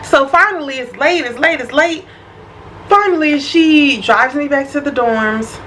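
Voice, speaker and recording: A young woman vlogger telling a personal story in an animated, expressive, casual way. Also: high-pitched, a little slow, slight background noise, low-quality recording. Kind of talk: storytime vlog.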